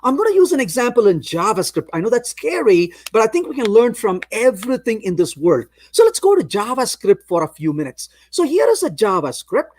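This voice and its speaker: A man giving a conference tech talk with a high, lively voice that rises and falls a lot as he walks through homely examples. The sound is dry and close, with no room around it. He is conversational and pokes a little fun at himself. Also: brisk, few pauses, dry recording. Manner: conversational, explains with everyday analogies. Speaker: conference speaker. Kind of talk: technical lecture.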